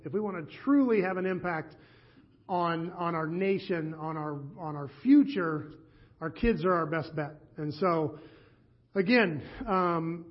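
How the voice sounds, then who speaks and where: Earnest high-voiced male pastor. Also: muffled recording. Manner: earnest, with many fillers. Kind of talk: sermon.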